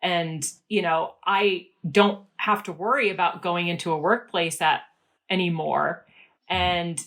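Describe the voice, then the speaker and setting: A woman guest on a podcast interview, speaking in an earnest, measured way. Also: on the low side, steady tone, a bit bright. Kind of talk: conversational interview.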